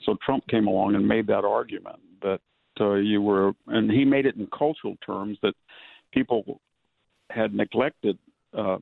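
An older man, a historian and author, giving measured, analytical answers in a political interview from rural California. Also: fairly low pitch, fairly even intonation, creaky, no echo. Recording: dry phone-line audio.

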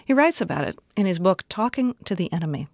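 A woman hosting a broadcast interview, reading a scripted intro and asking measured questions that sum up her guest's points. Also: lowish voice, big pitch swings, darkish tone, no room sound, studio quality. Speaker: interviewer, host.

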